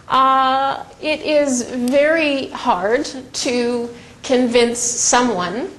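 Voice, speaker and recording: With slight background noise on a low-quality recording, a middle-aged woman lectures conversationally as an educator, telling stories and frequently pausing with ums or restarting. Her pitch is fairly high.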